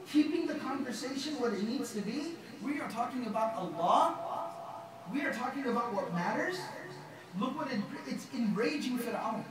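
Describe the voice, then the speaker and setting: A man preaching a sermon, acting out the lines of the figures he retells and reciting verses in Arabic. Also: very high voice. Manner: dramatizing quotes with lively retellings. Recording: very echoey hall, mic far off.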